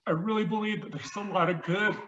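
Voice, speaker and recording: A man giving religious closing words at a memorial, earnest and faltering, with frequent pauses. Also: high-pitched, a bit bright, highs cut off, slight background noise. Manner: earnest, faltering, pausing often.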